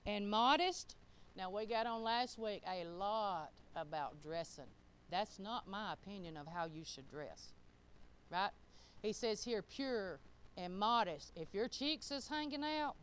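A woman preaching a sermon, speaking conversationally and swinging between loud emphasis and soft asides. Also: medium pitch, slight background noise. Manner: conversational, with colloquial grammar.

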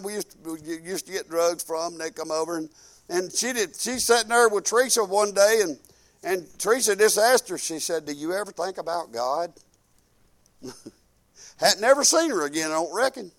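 A man preaches in church with a notably high voice. His delivery is folksy and fervent, swinging from loud proclaiming down to quiet, reflective asides. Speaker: pastor. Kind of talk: sermon.

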